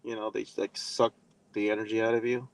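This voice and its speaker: A man's voice: on the low side, flat delivery, fairly quick, gravelly. A man giving a casual live lesson, rambling with many fillers and speaking bluntly, with some profanity. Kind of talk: casual live-stream talk.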